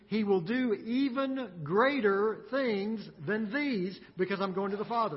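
High-voiced preacher in a reverberant hall. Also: male voice, lively intonation, slightly rough, lo-fi sound. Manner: earnest, emphatic preaching with dramatic pauses. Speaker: pastor. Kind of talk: sermon.

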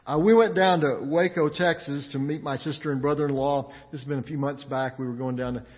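A man preaching a sermon as pastor, animated, laughing now and then. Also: on the high side, a little fast. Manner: animated preaching with laughs and acted-out inner voices. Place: church sanctuary. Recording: echoey church hall, dull lo-fi.

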